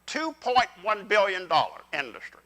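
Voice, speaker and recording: Preaching at a moderate pace, an older pastor gives a folksy, lively sermon in his church sanctuary. His fairly high voice rises and falls widely, gravelly yet bright and forceful, and the recording quality is poor.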